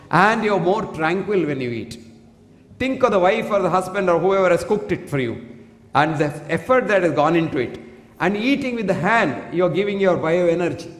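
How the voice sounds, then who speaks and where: Indian English man, high voice, preachy health lecturer on one stand mic in a reverberant hall. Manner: emphatic, preachy, recites Sanskrit verses. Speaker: doctor giving a health lecture. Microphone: single fixed stand mic. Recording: echoey hall with long reverb.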